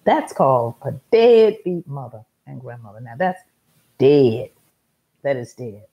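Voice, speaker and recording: A woman's voice: rumbling low, big pitch swings, measured pace, slightly rough, muffled recording. A middle-aged woman hosting a talk show, telling a story in an emphatic, repetitive monologue.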